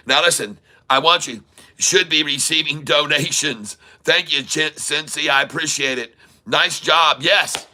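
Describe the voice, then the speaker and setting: A man hosting a live day-trading stream, calling out prices and coaching viewers in an excitable, repetitive way. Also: fairly high pitch, unhurried. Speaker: day-trading livestream host.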